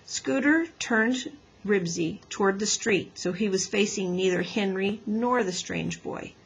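Raspy woman reading a children's story. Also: medium pitch, a little slow, poor audio. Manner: lively storybook narration. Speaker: teacher. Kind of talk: reading a children's book aloud.

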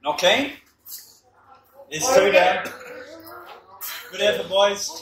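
An Australian man hosting a chilli challenge, talking loud and cheering his mates on with whoops. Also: high voice, slow pace, a crowd in the background. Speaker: host of a chilli review channel. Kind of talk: casual hype chat during a chilli challenge. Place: indoor onsite workplace. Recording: roomy sound from a distance.

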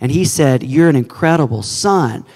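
A male pastor with a fairly high voice preaches earnestly and quotes scripture to his congregation. His voice rings with long church-hall reverb. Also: lively intonation, moderate pace, darkish tone. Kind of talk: sermon. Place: church sanctuary.

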